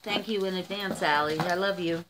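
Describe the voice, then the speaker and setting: A woman's voice: lowish voice, fairly even intonation, moderate pace, background noise. A middle-aged woman from the United States, chatting casually to camera while opening gifts, emotional and rambling.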